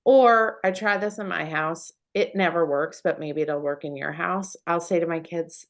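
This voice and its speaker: A woman, a puberty educator, giving parenting advice in an animated, conversational way. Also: fairly low pitch, normal speed, few pauses. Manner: animated, acts out everyday scenes. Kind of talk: parenting talk.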